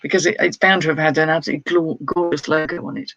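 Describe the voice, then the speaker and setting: A woman's voice: low-pitched, fairly even intonation, very fast, fairly bright tone, lo-fi sound, slight background noise. A woman who resells clothes, chatting casually on a live stream, laughing often and reading out viewer comments. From United Kingdom. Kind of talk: casual live-stream chat while showing items.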